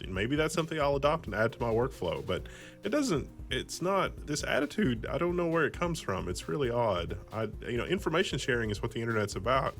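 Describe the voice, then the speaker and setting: Animated, rambling man in a tech chat. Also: mid-range voice. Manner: animated, rambling, jumpy intonation. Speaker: co-host. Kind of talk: casual tech discussion.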